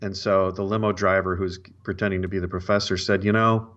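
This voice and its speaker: A man's voice: low voice, level tone, a little fast, a bit bright, highs cut off. A man co-hosting a podcast, a dry, joking storyteller who halts and restarts. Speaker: podcast co-host. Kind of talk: casual chat and joke telling.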